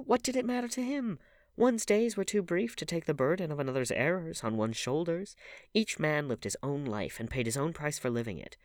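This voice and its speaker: A male audiobook reader with a low-pitched voice and a measured, even delivery. The sound is dry and close, with no room around it. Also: no room sound. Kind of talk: scripted audiobook narration.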